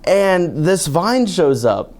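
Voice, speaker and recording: A man's voice: high-pitched, sing-song, slow, a little mellow. A young man co-hosting a casual chat about viral videos, talking in a hesitant, rambling way and laughing often. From Germany. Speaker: co-host.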